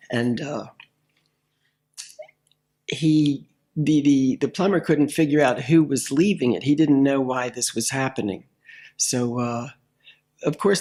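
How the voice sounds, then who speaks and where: A man recounts a story in a relaxed spoken way, stopping often to find his words with fillers and restarts. His voice sits at an ordinary pitch for a man. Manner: halting, with many fillers and restarts.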